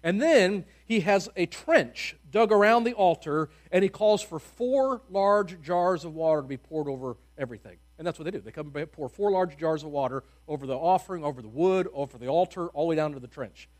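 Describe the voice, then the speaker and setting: A man preaching a sermon in a casual, humorous storytelling way, with sudden loud bursts of emphasis and hushed, quiet drops. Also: on the high side, animated, a little fast, few pauses.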